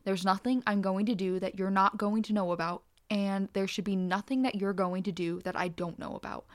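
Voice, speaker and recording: Woman co-host, mid-range voice, steady measured reader of a nonfiction account. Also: mid-range voice. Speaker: podcast co-host. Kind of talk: reading a nonfiction account aloud.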